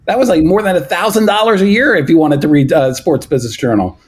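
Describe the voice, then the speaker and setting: A man's voice: on the high side, fast, crowd noise. A man being interviewed as a guest, a sports media reporter speaking earnestly and hesitantly, full of restarts. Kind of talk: interview over a phone line.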